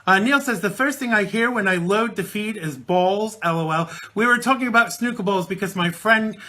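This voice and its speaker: A man's voice: high voice, normal speed, pushed and bright. A man hosting a live call-in show, chatting casually and greeting listeners one by one with jokes. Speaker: radio show host.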